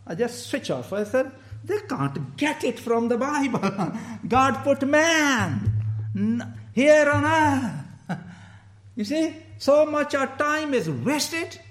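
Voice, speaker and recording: High-voiced animated male preacher, echoey church. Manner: animated, laughing often, quoting people in raised voice. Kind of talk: sermon.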